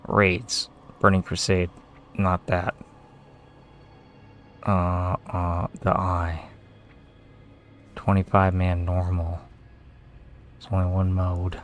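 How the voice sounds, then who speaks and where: A young man with a low voice mutters casual commentary over his gameplay, swearing readily and quick to irritation. Faint music plays behind him. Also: flat delivery. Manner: mutters to himself, swears often, easily aggravated. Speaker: gamer streamer.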